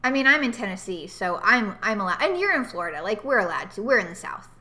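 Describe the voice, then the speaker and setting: A woman co-hosting a casual chat podcast, easygoing and quick to laugh. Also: mid-range voice, big pitch swings, sharp tone. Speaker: podcast co-host. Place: home, Tennessee.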